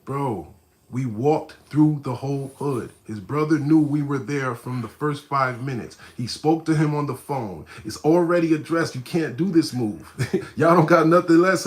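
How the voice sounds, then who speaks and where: A man, his voice sitting a little high, talks to his live-stream chat in loose street slang. He is animated and mocking, sliding from low, muttered asides into loud, scornful outbursts. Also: normal speed. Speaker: live-stream host reacting to a video. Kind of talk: casual live-stream commentary.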